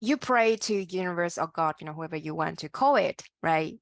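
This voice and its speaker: A woman's voice: lowish voice, animated, brisk, hardly any pauses, no room sound. A woman hosting an interview, reacting with frequent murmurs and laughs while her guest talks. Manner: lots of listening murmurs, laughs easily. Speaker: host. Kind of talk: casual interview chat.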